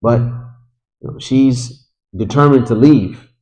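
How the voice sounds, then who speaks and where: A man's voice: medium pitch, slow, warm tone, rough recording. A man teaching a lesson in a mosque, retelling a story conversationally and with feeling, quoting Arabic and then translating it. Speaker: religious teacher.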